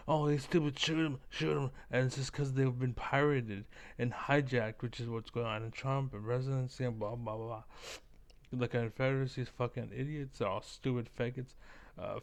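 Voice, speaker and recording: Man, vlogger, rough gravelly voice, middle pitch; loose, profane, rambling rant. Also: fairly even intonation, normal speed. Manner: rambling, profane, full of likes and fillers. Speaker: vlogger reacting to clips. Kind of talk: casual ranting commentary.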